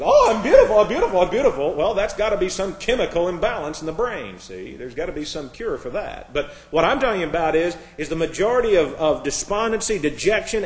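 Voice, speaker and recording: Male pastor, fervent sermon delivery, slightly high voice, restarts and repeats, echoing room. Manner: fervent, emphatic, frequent restarts and repeated words. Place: church, at a pulpit.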